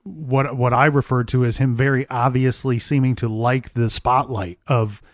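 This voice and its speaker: A man hosts a true crime podcast and lays out the case in a measured, storytelling way. His voice sits at an ordinary middle pitch. The sound is dry and close, with no room echo. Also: fairly even intonation. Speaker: podcast co-host.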